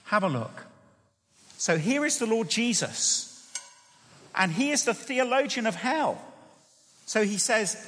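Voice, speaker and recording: Animated preacher in a reverberant hall. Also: male voice, sits high, unhurried, long pauses. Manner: animated, emphatic preaching with scripture readings. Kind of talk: sermon.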